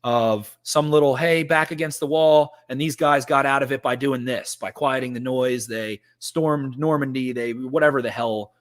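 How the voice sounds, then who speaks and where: A young man co-hosting a sports podcast speaks at normal speed with few pauses, his medium-pitched voice fairly even in intonation. He rants emphatically in casual sports talk and repeats points for effect.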